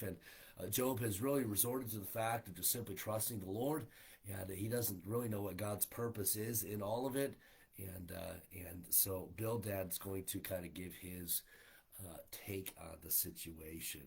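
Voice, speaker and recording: A man teaches a Bible study over a livestream, speaking as a down-to-earth pastor. His voice sits low and has a husky edge. He hesitates often with fillers and retells scripture in casual, plain language. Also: darkish tone. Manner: folksy, many "uh" fillers, paraphrases scripture in plain speech. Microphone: livestream setup.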